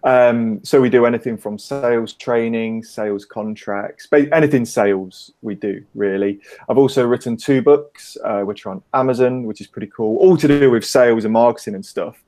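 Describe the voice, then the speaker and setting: A man's voice: mid-range voice, normal speed, few pauses, warm tone. A middle-aged man from Britain, a guest on a casual call-in interview, chatty and jokey with easy laughs. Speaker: interview guest, business owner.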